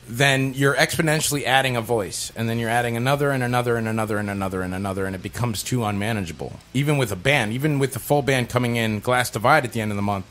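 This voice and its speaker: A man's voice: medium pitch, fairly bright tone. Blunt, swearing male radio host. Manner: blunt, emphatic, heavy swearing. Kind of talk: casual profane radio chat.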